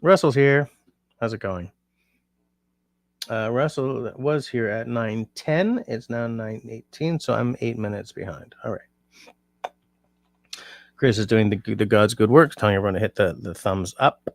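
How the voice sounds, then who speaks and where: A man's voice: lowish voice, measured pace, creaky, pauses often, no echo. A tired man hosting a casual livestream, rambling and reading out comments from his chat. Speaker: livestream host.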